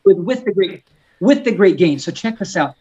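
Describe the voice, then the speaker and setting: A man, an author and guest on a podcast, talking in a fervent preaching style, often repeating words and slowing down on key words. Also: high-pitched, animated, a little mellow, slightly rough, lo-fi sound. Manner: fervent and emphatic, stretching key words slowly; frequent stumbles and repeated words. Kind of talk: preaching-style conversational talk.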